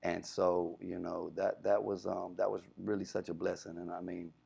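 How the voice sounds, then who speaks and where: Deep gravelly man telling a story. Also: moderate pace. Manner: animated storyteller, acts out quoted voices. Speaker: radio DJ. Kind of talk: casual storytelling interview.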